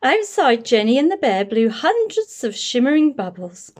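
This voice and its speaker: A woman with a New Zealand accent reading a children's picture book aloud in an expressive read-aloud manner. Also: high voice, normal speed. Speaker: storyteller.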